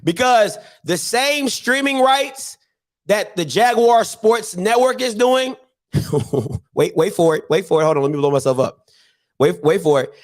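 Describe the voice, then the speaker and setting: Man host, very high voice, loose rhetorical riffing, computer mic. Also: animated. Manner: repeats himself, drawn-out rhetorical questions. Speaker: show host. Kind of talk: casual live-stream commentary.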